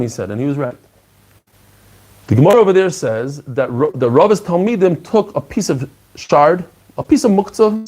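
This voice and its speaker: An animated man teaches a Talmud class in a slightly higher voice. He acts out the back-and-forth of the sages as he goes, dropping Hebrew and Aramaic terms into his English.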